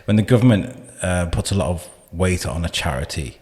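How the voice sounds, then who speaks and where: A man's voice: low-pitched, lively intonation, fairly quick, a little mellow, in a large hall. A man hosting a local podcast, chatty and effusive, rambling with fillers. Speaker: podcast host. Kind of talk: casual interview. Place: small podcast studio.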